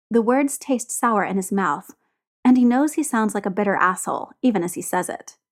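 A woman narrating a story aloud in a steady, expressive reading. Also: mid-range voice, brisk. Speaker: audiobook narrator.

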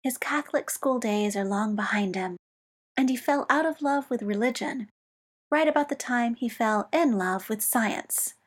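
A woman reading fiction aloud in a slow, soft, measured storytelling manner, dropping now and then into a whisper. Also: on the high side. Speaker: narrator.

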